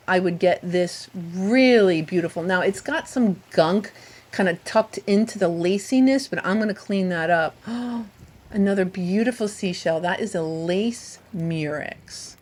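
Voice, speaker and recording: A woman's voice: medium pitch, animated, a little slow. A woman vlogging from a beach as she hunts for shells, bubbly and gushing, and talking to the shells she finds. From Southwest Florida. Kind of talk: casual narrated vlog. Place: outdoors on a beach.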